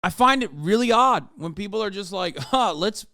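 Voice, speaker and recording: A man hosting a livestream, reacting to a video with loud, profane, animated ranting. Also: high voice, a little fast, no room sound, clean studio sound. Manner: loud, profane, animated, mocks others in put-on voices.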